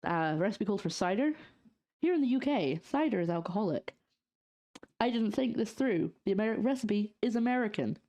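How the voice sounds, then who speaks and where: Her voice is medium-pitched, animated, brisk and dark as this young Scottish streamer cooks at home on a casual livestream. She chats loosely, reads and answers viewer comments, and lets her sentences trail off into fillers.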